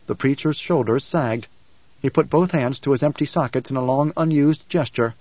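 A man narrating an audiobook in a measured, even reading. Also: medium pitch, no room sound, dull audio. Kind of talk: scripted narration.

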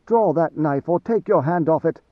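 A man voicing a proud warrior in an audiobook, speaking in forceful, scornful bursts. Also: fairly high pitch, expressive, normal speed, no room sound, phone-quality sound, pitched above the performer's own voice, natural voice. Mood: contemptuous. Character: proud, contemptuous warrior man, disgusted with fakes.

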